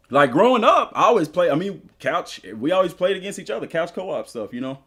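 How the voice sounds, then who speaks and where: A man's voice: high voice, big pitch swings, normal speed, a bit bright, slightly rough. A male gaming streamer chatting casually and rambling through stories while he plays. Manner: rambling, loose storytelling. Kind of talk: casual live-stream chat.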